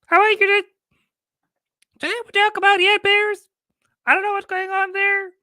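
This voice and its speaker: A man's voice: very high-pitched, flat delivery, normal speed, pushed and bright, dry recording, clean studio sound, voice pushed up, heavily acted. A man voicing a hyped-up young streamer guy in a goofy, exaggerated sing-song way. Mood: goofy hype.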